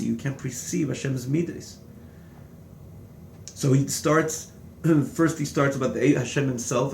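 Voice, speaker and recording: Gravelly guy teaching torah text, reads a bit then explains it over and over, echoey room. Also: medium pitch, a little mellow, slight background noise. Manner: reads a phrase, then translates and restates it with synonyms. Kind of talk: text-study lecture.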